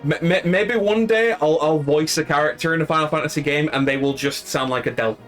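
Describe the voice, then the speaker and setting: With fairly high pitch and a brisk delivery, a man from Yorkshire in the north of England chats with his live stream audience. Soft music plays as his fairly bright, accented voice wanders along with lots of fillers and restarts.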